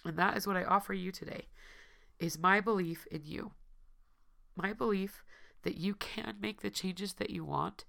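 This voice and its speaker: A woman podcast host speaking earnestly and tearfully to her listeners, her voice hoarse, repeating phrases for emphasis. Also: mid-range voice, normal speed, sharp tone. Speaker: podcast host and recovery coach. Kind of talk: heartfelt personal address to listeners.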